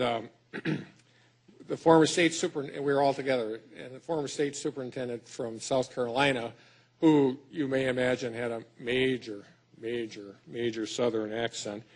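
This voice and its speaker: A middle-aged man from Wisconsin with a Wisconsin accent, giving a folksy, self-deprecating conference speech as a state schools superintendent, with many fillers and restarts. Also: mid-range voice. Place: lecture hall.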